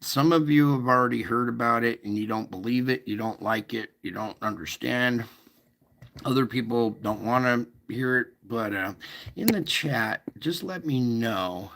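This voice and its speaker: A man's voice: mid-range voice, moderate pace, creaky, fairly bright tone. A man hosting a casual livestream, explaining at length with restarts and frequent checks with his listeners. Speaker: livestream host.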